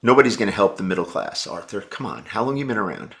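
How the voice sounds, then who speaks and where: A man's voice: on the low side, sing-song, fast, gravelly, a bit bright. A man hosting a casual live stream, answering viewer chat in a blunt, brash and profane way.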